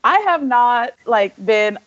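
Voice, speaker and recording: A young woman co-hosting a podcast, telling a story in a casual, animated way, full of "like" and quick asides. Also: a little high, highs cut off. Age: young adult. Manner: animated, filler-heavy storytelling with lots of "like". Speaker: podcast co-host.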